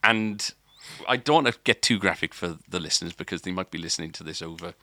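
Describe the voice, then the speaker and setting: A podcast co-host with a deep, bright, forceful voice talks fast while telling a long, casual story. He rambles, uses lots of filler, and keeps restarting, and there's no room sound.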